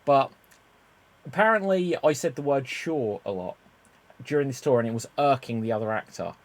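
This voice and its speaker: A man hosting a podcast, telling stories in a loose, animated way full of "like" and restarts. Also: mid-range voice, moderate pace. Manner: animated storyteller, lots of "like" and restarts. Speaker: podcast host. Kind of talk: casual podcast chat.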